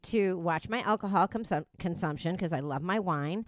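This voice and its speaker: Chatty woman radio host, lower voice. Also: normal speed, no room sound. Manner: chatty, laughs easily. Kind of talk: casual radio chat.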